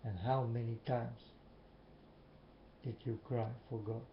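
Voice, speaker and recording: Man talking very slowly and earnestly straight to camera, muffled echoey recording. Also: medium pitch, steady tone. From Netherlands. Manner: slow, repetitive, earnest questioning. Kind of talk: slow earnest monologue to viewers. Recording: muffled, echoey room with faint hiss.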